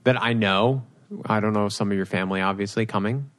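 A man's voice: on the low side, fairly even intonation, a little fast, a bit bright. A young man with a Rhode Island accent, co-hosting a podcast in casual chat, rambling with lots of fillers. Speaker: podcast co-host.

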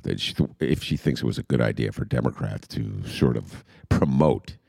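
A man's voice: very deep voice, moderate pace, vocal fry, a little mellow, husky, no room sound, studio quality. A middle-aged man hosting a political podcast, riffing sarcastically and mocking the people he talks about. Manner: sarcastic, riffing, mocking quotes in funny voices. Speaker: podcast host. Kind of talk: casual political commentary.

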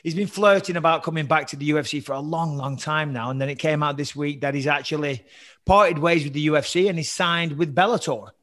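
A man co-hosting a casual sports chat, animated, laughing and swearing freely. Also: fairly high pitch, brisk. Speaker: podcast co-host.

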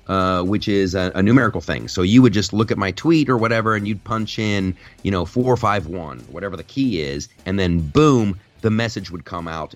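Rambling low-voiced podcast host. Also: male voice. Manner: rambling, animated storytelling with restarts. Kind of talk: casual podcast chat.

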